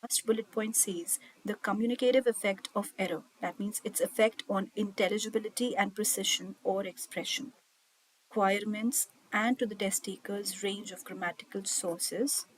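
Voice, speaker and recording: A woman teaches an online exam-prep lesson in an airy, breathy voice at a middling pitch. She reads bullet points off a slide and explains each one, filling gaps with "okay" and "uh". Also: steady tone, normal speed, rough recording. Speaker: IELTS teacher. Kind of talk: online class lecture.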